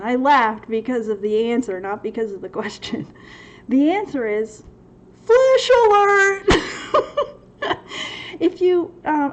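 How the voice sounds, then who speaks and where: A woman hosting a faith-based livestream Q&A, reading viewers' questions from the chat and answering them with frequent laughter. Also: sits high. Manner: laughs often, reads chat questions aloud. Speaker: host of a Bible study Q&A. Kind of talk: livestream Q&A teaching. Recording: slightly dull sound with faint noise.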